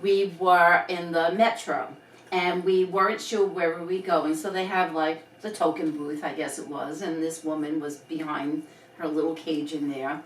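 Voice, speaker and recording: A woman's voice: deep voice, fairly even intonation, moderate pace, slight background noise. A woman co-hosting a podcast in casual chat, talking loosely with many fillers. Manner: chatty, many fillers like "you know" and "like". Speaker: podcast co-host. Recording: roomy sound, mic at a distance.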